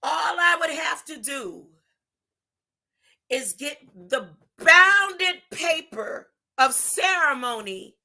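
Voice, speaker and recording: A woman's voice: high-pitched, expressive. A woman giving an impassioned spiritual monologue, drawing her words out and tagging her points with a rising "huh?". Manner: drawn-out, deliberate phrasing with sudden loud bursts. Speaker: spiritual video preacher.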